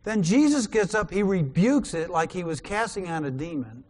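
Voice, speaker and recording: Man, preacher, sermon, scripture reading, somewhat high voice, animated on quotes. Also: normal speed. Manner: animated reader, rising loud on quoted lines.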